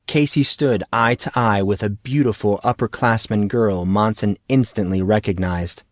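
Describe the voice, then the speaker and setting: A man narrating a fantasy audiobook with a steady storytelling delivery, on a close studio mic. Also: on the low side, no echo. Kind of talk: scripted narration.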